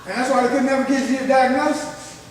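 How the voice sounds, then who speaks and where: A man's voice: extremely high pitch, fairly even intonation, quick pace. A middle-aged man preaching a sermon in a folksy way, laughing often and checking that his listeners follow him. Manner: folksy, laughs often, keeps asking the crowd if they follow. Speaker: traveling preacher. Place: church sanctuary. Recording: echoey church hall, mic far off, faint hiss.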